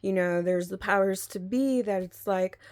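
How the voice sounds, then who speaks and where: A woman's voice: medium pitch, moderate pace, a little mellow. A woman in a casual spoken review, talking in an earnest, rambling way with frequent restarts. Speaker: video blogger reviewing an audio drama.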